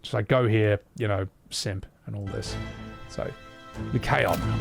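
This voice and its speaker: Brief: young male streamer, lively rambling commentary, curses freely, game music playing underneath. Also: on the low side, unhurried, gravelly. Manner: chatty, swearing, talks to chat. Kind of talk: let's-play commentary.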